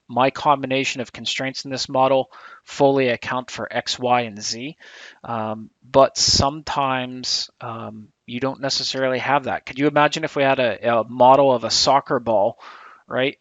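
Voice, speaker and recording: A man giving a software tutorial screencast, thinking aloud with relaxed fillers and restarts, a little tired. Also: mid-range voice, dry recording, highs cut off. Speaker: instructor.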